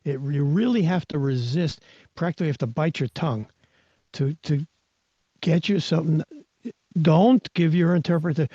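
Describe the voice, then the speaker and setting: A mindset coach hosts a live audio talk in a husky, warm voice on the high side, speaking at normal speed with long pauses, recorded dry. He teaches emphatically, repeating words and restarting sentences, and the online audio sounds dull and lo-fi.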